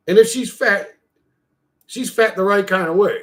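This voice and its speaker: A man's voice: sits high, moderate pace, a bit bright. A man hosting his own channel, chatting loosely and profanely to himself while he tinkers at his computer. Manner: loose, profane, talks to himself while clicking through an image generator. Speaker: channel host. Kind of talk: casual rambling chat.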